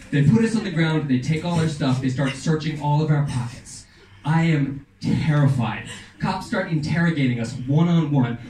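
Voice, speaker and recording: A young man tells a story on stage with punchy, dramatic timing and a lively, somewhat high voice. The sound is roomy and echoing, picked up from a little distance, with a faint noise underneath. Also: measured pace. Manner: animated, punchy, dramatic delivery. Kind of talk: live storytelling performance. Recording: echoey room, voice off-mic, faint noise.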